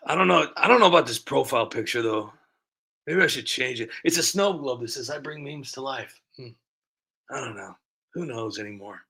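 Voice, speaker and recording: A man's voice: medium pitch, vocal fry, bright, forceful tone, husky. A man hosting a live stream who rambles in a casual, sarcastic, self-mocking way between clips. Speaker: streamer host.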